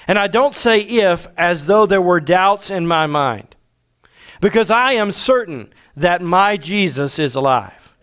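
A man preaching a sermon, folksy and conversational, slowing down for emphasis and speeding through asides. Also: sits high, a bit bright. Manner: folksy, varies pace from slow emphatic to rapid asides. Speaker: pastor. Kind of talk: sermon with storytelling.

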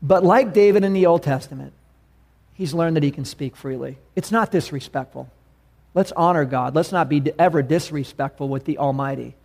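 A man preaching a sermon with a slightly high voice. He talks casually but with emphasis and often turns to his listeners with questions. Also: moderate pace, creaky, darkish tone. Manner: conversational and emphatic, asks the congregation questions.

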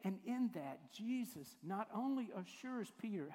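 A man's voice: high voice, animated, unhurried, dark tone. A male pastor, giving a conversational sermon full of acted-out quotes. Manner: conversational storytelling, acts out quoted voices. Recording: hall reverb.

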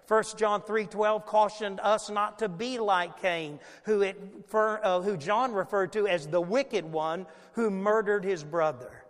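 A man preaching a sermon, animated and folksy, with casual asides to the congregation. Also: sits high, unhurried, hardly any pauses. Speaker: pastor. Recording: long hall reverb.

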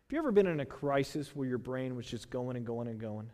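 A man from Texas with a Texan accent preaching a sermon, conversational and animated, full of rhetorical questions. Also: mid-range voice, fast. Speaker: pastor. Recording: long hall reverb.

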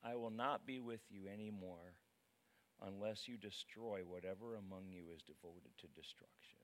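A man voicing God as a stern, grave judge handing down a verdict. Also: a bit bright. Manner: low, grave, measured. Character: stern divine voice passing judgment.

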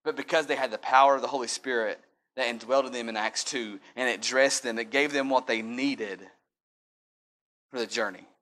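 A man preaching a sermon, moving from conversational talk to loud, fervent preaching. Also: medium pitch, fairly even intonation, fairly quick. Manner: builds from conversational to shouted preaching. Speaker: pastor. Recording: music playing underneath.

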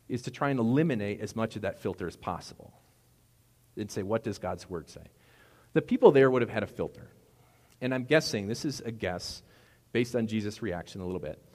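A man's voice: on the low side, a little mellow. A man preaching a sermon as a pastor, talking conversationally with playful asides. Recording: long hall reverb.

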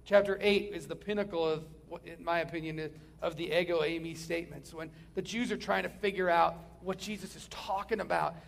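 A man preaching a sermon, swinging from loud emphatic lines down to hushed near-whispers. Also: on the high side, fairly even intonation, brisk, creaky, hardly any pauses, slight background noise.

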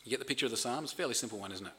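A man's voice: mid-range voice, racing, sharp tone, husky. A man preaching a sermon in an earnest way, often repeating words as he builds emphasis. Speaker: pastor.

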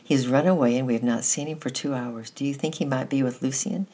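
A storyteller voicing a frantic, fierce young girl who speaks in a shrill, urgent way with a gravelly edge. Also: quick pace, warm tone, close to an everyday voice. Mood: anxious.

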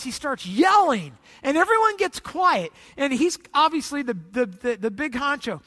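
Bright-voiced pastor telling a story. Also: high voice. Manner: animated storyteller, rising loud when retelling chaos; trails off into soft, slow appeals at the close. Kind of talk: sermon with a personal story.

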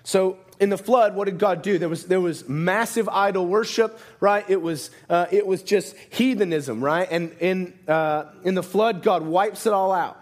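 A man's voice: sits high, moderate pace, hardly any pauses. A man preaching a sermon in a conversational way, often asking "right?" and restarting his sentences. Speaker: pastor.

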